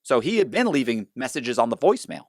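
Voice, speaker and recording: A man's voice: mid-range voice, sing-song, fast talker, a little hiss or hum. A man telling his own story in a casual interview. He restarts often and acts out the dialogue.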